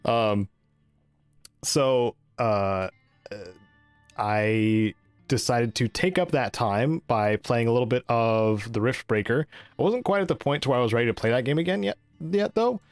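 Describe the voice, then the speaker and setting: A man's voice: mid-range voice, measured pace, no room sound, soft background music. A man co-hosting a gaming podcast in casual chat, rambling with many ums and restarts. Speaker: podcast co-host.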